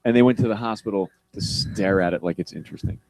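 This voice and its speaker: A man, a comedian co-hosting a podcast, tossing in quick wisecracking asides. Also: on the low side, darkish tone, no room sound, rough recording. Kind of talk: casual podcast banter.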